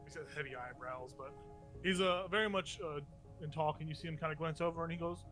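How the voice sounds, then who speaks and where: A man's voice: on the high side, fairly even intonation, brisk, a bit bright, soft background music. A man running a tabletop game as game master, narrating in a loose, rambling way and laughing often.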